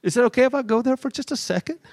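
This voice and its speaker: A man preaching a sermon as pastor, talking in a conversational way, teasing his congregation and slowing down hard on key words. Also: very high voice, darkish tone, dry recording.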